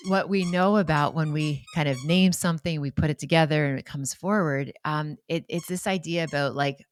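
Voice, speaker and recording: Low-voiced chatty woman podcaster. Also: normal speed. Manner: warm, chatty, enthusiastic, digresses into asides. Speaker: podcast host. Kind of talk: casual solo podcast talk.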